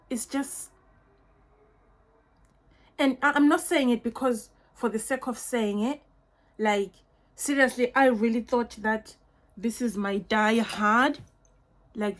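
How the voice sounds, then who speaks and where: A young woman in a casual perfume unboxing review at home, gushing and effusive, full of fillers and repeats. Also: a little high. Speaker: beauty vlogger.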